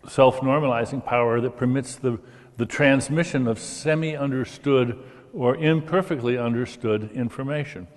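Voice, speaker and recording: An older man explains ideas with enthusiasm in a conversational discussion, stammering a little on restarts. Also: mid-range voice. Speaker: discussion guest. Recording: reverberant hall.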